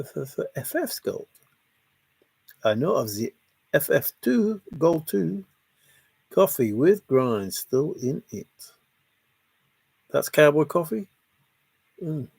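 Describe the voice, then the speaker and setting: A man with a gravelly, husky voice hosts a relaxed late-night livestream. He reads his viewers' comments out loud and answers them in a playful, unhurried way. The sound is close and dry. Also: fairly high pitch, dry recording. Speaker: livestream host.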